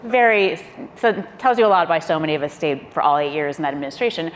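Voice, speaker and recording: A woman, a former speechwriter, telling a lively anecdote on a panel, acting out quotes and laughing often. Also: deep voice, fast talker. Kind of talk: lively anecdote told to a live audience. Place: auditorium panel event. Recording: long hall reverb, faint room noise.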